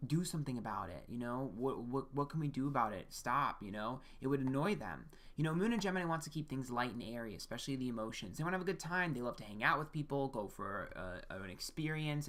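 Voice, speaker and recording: A man with a bright, sharp-edged voice talks his way through a personal birth chart reading. He speaks plainly and directly to one listener, with an easygoing, frank delivery that often checks in with "okay?" and lets a curse word slip. His voice sits at an ordinary male pitch. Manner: frank, with occasional swearing. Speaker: astrologer.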